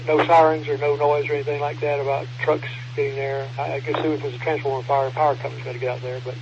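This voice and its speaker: A man giving a local weather and power report over amateur radio in a halting, plain way. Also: mid-range voice, a little mellow. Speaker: ham radio operator reporting. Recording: muffled radio with faint hiss.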